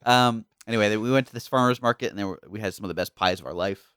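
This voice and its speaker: A man's voice: on the low side, racing, fairly bright tone, clear, resonant tone, no echo, clean studio sound. A young man co-hosting a podcast, telling a trip story in casual chat and teasing his co-host.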